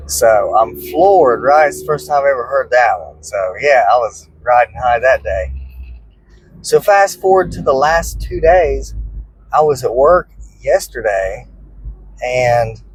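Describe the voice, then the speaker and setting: An easygoing man hosts his cooking vlog from inside a car, chatting in a relaxed, joking way. His voice sits at an ordinary mid pitch. Faint road noise hums behind him. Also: measured pace, low-quality recording. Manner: easygoing, joking, self-deprecating. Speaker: host of a barbecue cooking channel. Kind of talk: casual vlog chat.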